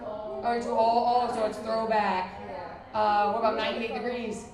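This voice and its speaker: A woman's voice: fairly high pitch, level tone. Brash young woman doing stand-up, roomy and distant. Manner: brash, crude and self-mocking, quick asides to the crowd. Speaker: stand-up comedian. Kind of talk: stand-up comedy with crowd work. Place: live comedy venue with a laughing audience. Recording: roomy live recording from a distance, crowd laughter.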